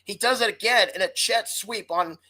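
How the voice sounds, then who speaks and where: A woman's voice: medium pitch, moderate pace, sharp tone, rough recording. A woman co-hosting a sports podcast, ranting hotly and swearing freely in casual talk. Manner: heated, profane ranting. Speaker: podcast co-host.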